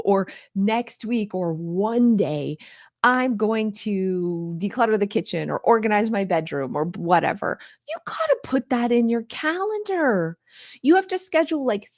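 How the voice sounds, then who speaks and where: A woman's voice: medium pitch, no room sound, studio quality. A woman hosting a live stream on home organizing, talking straight to her viewers in an upbeat, coaxing way and answering their questions.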